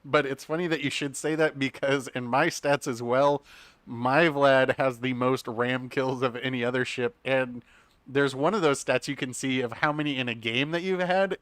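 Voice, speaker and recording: A man's voice: mid-range voice, moderate pace, fairly bright tone, no room sound. A man chatting casually during a live game stream, joking and laughing often between comments.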